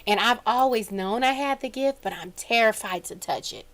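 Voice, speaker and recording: Brief: woman podcast co-host, fairly high voice, animated, personal storyteller. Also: normal speed. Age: adult with a young son. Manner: animated storyteller, voice rising high when excited. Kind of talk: emotional personal story in casual chat.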